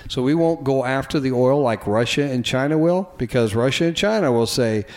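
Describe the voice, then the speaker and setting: A man's voice: mid-range voice, expressive, normal speed, darkish tone. A man co-hosting a casual talk show, brash and profane, joking as he gives his opinions.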